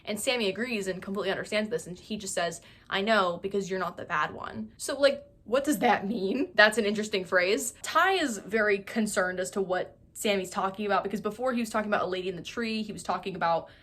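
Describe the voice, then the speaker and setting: Woman doing a breezy tv recap, rambly, says like a lot, mid pitch. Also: fast, few pauses, fairly bright tone. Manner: breezy, rambling, heavy use of "like". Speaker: show recap host. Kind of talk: casual chatty TV recap.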